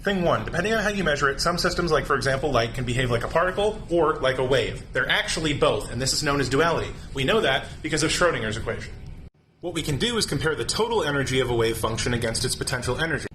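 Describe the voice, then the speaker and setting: A young man rattles through a science explainer at a rapid clip, throwing rhetorical questions at the listener. His voice sits at an ordinary middle pitch. A faint hum of room ambience sits under the close recording. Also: animated, bright, forceful tone. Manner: quick, punchy delivery with rhetorical questions. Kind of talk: fast science explainer monologue.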